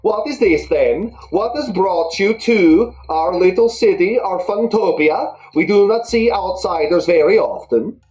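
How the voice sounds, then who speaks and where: A woman voicing a courteous male deep gnome with a put-on Nordic accent, formal and inquisitive. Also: a little slow, few pauses, warm tone, natural voice, poor audio. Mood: curious. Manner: formal, questioning.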